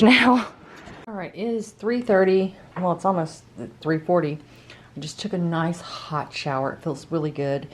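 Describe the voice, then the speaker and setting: A woman's voice: lowish voice, darkish tone, slight background noise. A woman chatting casually as she vlogs her gardening and yard work, upbeat and talking through each task. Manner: chatty, upbeat, narrating her own chores. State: out of breath after yard work. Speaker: gardening vlogger. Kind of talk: casual vlog narration. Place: backyard garden, outdoors.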